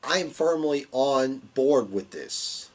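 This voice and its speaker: A man's voice: mid-range voice, animated, takes it slowly, a little mellow. A man hosting a casual wrestling review show, rambling and swearing with lots of fillers. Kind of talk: casual chat.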